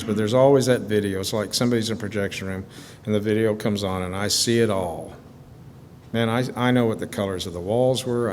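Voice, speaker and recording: Low-voiced man telling his story in a hall. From Stockbridge, Georgia, USA. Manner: earnest, halting, repeats words when moved. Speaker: recovery retreat speaker. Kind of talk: personal testimony talk. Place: retreat hall. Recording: archival hall recording with long reverb and faint rumble.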